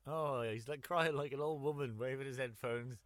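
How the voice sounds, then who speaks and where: Bright-voiced joking man. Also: mid-range voice, normal speed, dry recording. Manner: playful, jokey, throws in silly sound effects. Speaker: podcast co-host. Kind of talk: crude joking banter. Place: home, talking over a video call. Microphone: headphones and mic on a video call.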